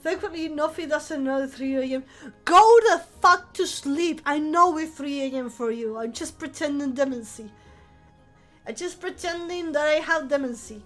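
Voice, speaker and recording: Woman streamer, high voice, soft-spoken and playful, recovering from flu, faint background music. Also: normal speed. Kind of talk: casual live-stream chat.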